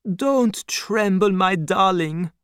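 A man voicing a protective older doctor in a storybook reading, the voice lifted well above the narrator's own and drawn out slowly. The tone is soft and steadying, and the sound is close and dry with no room echo. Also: high-pitched, big pitch swings, voice pushed up, heavily acted. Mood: soothing. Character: gentle older male doctor, calm and protective.

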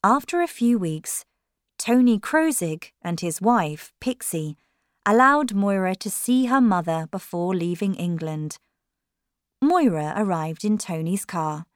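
A woman narrates a story in a measured, expressive voice. She reads slowly, and her pitch rises and falls freely. The recording is dry and close. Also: no room sound. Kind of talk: audiobook reading.

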